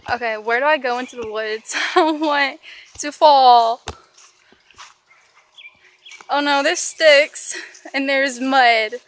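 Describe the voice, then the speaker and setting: A woman's voice: high voice, slow, long pauses. A teenage girl vlogging as she walks through the woods outdoors, filming on a handheld camera and talking in a dramatic, panicky, self-mocking way. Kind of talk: casual vlog narration while hiking.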